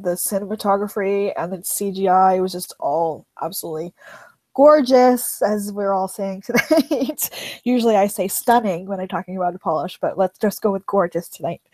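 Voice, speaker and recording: Enthusiastic woman host on a video call, medium pitch, dry sound. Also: a little mellow, no room sound. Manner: enthusiastic, gushing, laughs between thoughts. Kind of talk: casual live video-call discussion.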